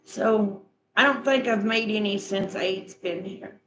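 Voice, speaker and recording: A woman's voice: mid-range voice, unhurried, noisy background. A middle-aged woman chatting casually with her viewers and walking them through a recipe in a homespun, repetitive way. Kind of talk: casual chat, recipe instructions.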